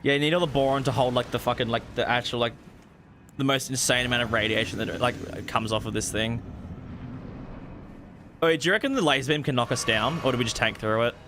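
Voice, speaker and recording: Man, casual gaming banter, crude jokes, mid pitch, noisy background. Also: a little fast. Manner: crude, joking, trailing restarts. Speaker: streamer playing co-op with friends.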